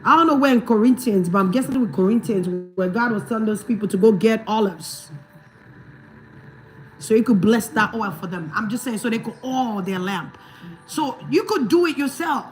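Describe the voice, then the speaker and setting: A woman's voice: on the high side, normal speed, soft background music. A woman from Africa talking casually on a livestream as a spiritual reader. She repeats her points emphatically, asks listeners whether they understand, and laughs often.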